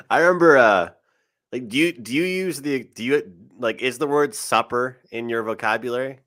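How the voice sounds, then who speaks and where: Bright-voiced, upbeat Canadian man. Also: medium pitch, moderate pace. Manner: laughs easily, upbeat. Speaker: guest sports handicapper. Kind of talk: casual podcast chat.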